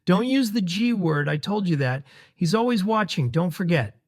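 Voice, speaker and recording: A woman's voice: lively intonation, moderate pace, darkish tone. A man doing a chipper, scolding churchgoing mom. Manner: chipper, scolding, raised higher voice. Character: fussy devout middle-aged mother.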